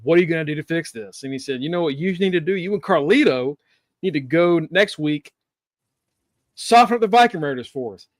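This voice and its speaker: A man co-hosting a wrestling podcast, recapping the show in a relaxed way and laughing often. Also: fairly high pitch, a little fast, no room sound, studio quality. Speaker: podcast co-host.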